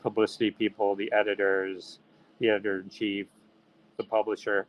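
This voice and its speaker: A man's voice: fairly low pitch, fairly quick, slight background noise, rough recording. Male guest acting out an anecdote. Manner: animated storyteller acting out quoted voices. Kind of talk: anecdote in interview.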